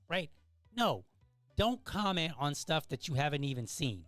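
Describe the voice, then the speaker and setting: A man's voice: a little high, expressive, normal speed, a bit bright, dry recording, faint music behind. A man hosting an opinion show, lecturing emphatically and firing off exasperated rhetorical questions while reading out viewer comments. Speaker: podcast host.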